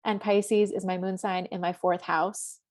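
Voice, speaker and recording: A woman's voice: lowish voice, little pitch movement, unhurried, a little mellow. A woman co-hosting a podcast, talking casually about astrology in a chatty, rambling way full of "like". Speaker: podcast co-host.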